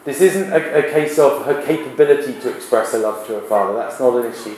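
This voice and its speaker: A man's voice: mid-range voice, a little mellow. Guy teaching literature, lots of ums and restarts, echoey classroom, faint hum. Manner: halting, with many restarts and fillers. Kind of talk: classroom lesson.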